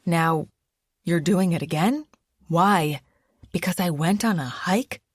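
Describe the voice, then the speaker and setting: A woman's voice: lowish voice, takes it slowly, no room sound, clean studio sound. A woman reading an audiobook, voicing a young adult man who is an easygoing, mildly dismissive boyfriend. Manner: casual, teasing, mildly scoffing. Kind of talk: audiobook character voice.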